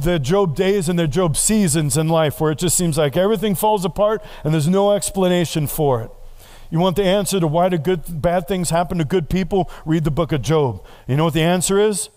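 A man's voice: on the high side, darkish tone. A middle-aged male pastor preaching a sermon in a conversational way, often asking the congregation questions.

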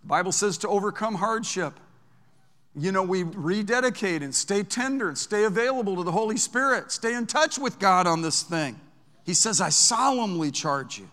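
High, bright pastor preaching in a big hall. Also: male voice, normal speed. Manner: animated, anecdotal, swings from hushed to loud. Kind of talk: storytelling sermon. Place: large church sanctuary. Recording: long church hall reverb.

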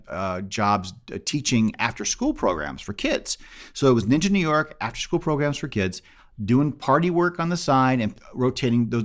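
A middle-aged man, a comedy magician, telling a story in a casual interview and acting out the people he quotes. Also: medium pitch. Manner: animated, acts out the people he quotes.

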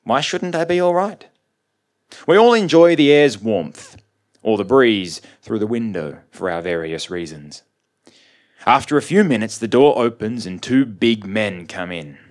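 A man narrating a first-person story in a measured, dry, observant way. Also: lowish voice, big pitch swings. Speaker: reader.

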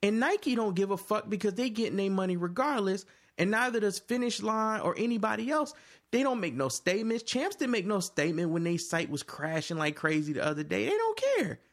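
A man in casual chat with friends, telling stories in an animated, profane way. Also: high-pitched, brisk.

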